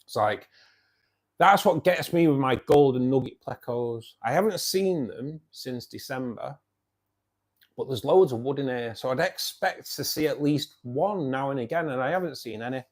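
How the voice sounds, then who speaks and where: This Manchester-area man runs a fish club live stream from home by his fish tank, reading comments aloud and welcoming viewers by name in a relaxed way. His voice sits mid-range, animated, at a normal speed, with a Mancunian accent.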